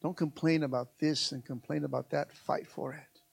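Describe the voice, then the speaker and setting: A man's voice: a little high, steady tone, normal speed, gravelly, slightly rough. A man preaching a sermon as pastor, emphatic and repetitive, calling out to his congregation again and again.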